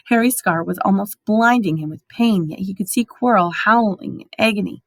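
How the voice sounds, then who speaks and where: A woman reading a storybook aloud with expressive, dramatic delivery. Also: mid-range voice, normal speed, few pauses, dry recording. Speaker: audiobook reader.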